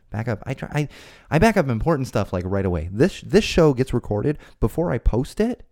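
Man, podcast host, low pitch, warm mellow tone, chatty, rambling. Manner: chatty, rambling, jokey asides. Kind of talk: casual solo podcast talk. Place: home studio.

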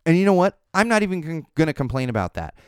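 A man in his thirties hosts a casual solo podcast, telling stories with lots of swing in his voice and dropping into muttered asides. His voice is smooth and resonant. The sound is dry and close. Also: a little high, fast talker, dry recording. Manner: animated storytelling, ranting, drops to muttering asides. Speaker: podcast host.

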